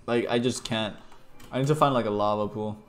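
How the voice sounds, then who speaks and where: A man's voice: on the low side, brisk, soft background music. Stammering, swearing young male gamer. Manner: stammering restarts, swearing, grumbling. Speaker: streamer. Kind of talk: casual gaming commentary.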